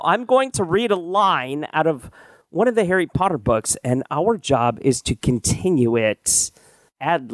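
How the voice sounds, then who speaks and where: Lively male podcast host, pitch jumping all over, casual chat, dry close mic. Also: no room sound. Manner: animated, laughs easily.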